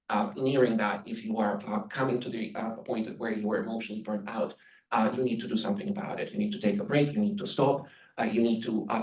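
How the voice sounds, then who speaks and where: A man born in the Soviet Union giving an earnest conference presentation on interpreting, advising listeners as an instructor. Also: on the low side. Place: conference room. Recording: roomy sound from a distant mic.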